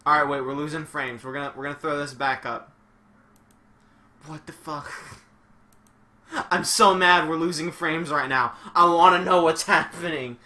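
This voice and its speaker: A young man commentating a wrestling video game on a live stream, excitable and swearing a lot, shouting one moment and muttering the next. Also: on the high side, normal speed, long pauses.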